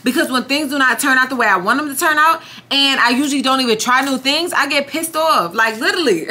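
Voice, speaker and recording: A young woman vlogging casually to a phone camera in a room, chatty and animated, addressing viewers constantly with a hum from an air conditioner behind her. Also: high-pitched, fast talker. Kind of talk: casual vlog chat to camera.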